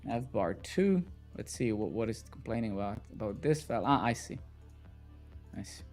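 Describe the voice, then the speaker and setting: With faint music behind him, a man speaks in a low, animated, slightly mellow voice at a moderate pace. He's coding live on a stream, muttering his thoughts as he works and cursing in frustration whenever the code breaks.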